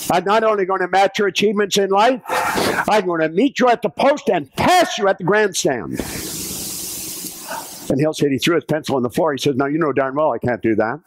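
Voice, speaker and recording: A man in his seventies from Canada giving a motivational seminar talk, telling stories with lively voiced quotes. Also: mid-range voice, slight background noise, low-quality recording. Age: 70s. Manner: animated storytelling, acting out quotes. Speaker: motivational speaker.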